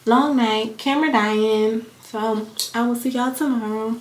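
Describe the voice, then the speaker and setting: A woman's voice: a little high, steady tone, a little slow. Weary woman in an echoey kitchen. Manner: tired, weary. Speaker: vlogger. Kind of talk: casual vlog chat. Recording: echoey room with faint noise.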